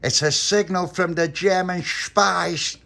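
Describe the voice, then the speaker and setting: A man voicing a curious little boy who keeps asking questions in a squeaky voice. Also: slow, gravelly, pushed and bright, full character voice.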